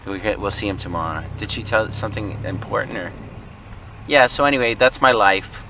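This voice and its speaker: A man's voice: lowish voice, animated, fairly quick, bright, forceful tone, a little hiss or hum. Joking man chatting in a car. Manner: joking, laughs often, mimics friends in silly voices. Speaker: reseller vlogger. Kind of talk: casual car vlog chat.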